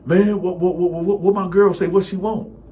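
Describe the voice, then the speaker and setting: A man's voice: low-pitched, level tone, normal speed, slight background noise, voice pushed down, natural voice. A rattled young guy who trips over his words and keeps repeating himself, as a storyteller puts him on. The voice stays close to an ordinary man's speech. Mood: panicked. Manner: flustered, stammering. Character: nervous young man caught cheating.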